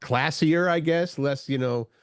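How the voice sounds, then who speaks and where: A man's voice: a little high, unhurried, clean tone, dry recording, clean studio sound. A man co-hosting a morning show, chatting casually and searching for his words as he rambles along. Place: radio studio.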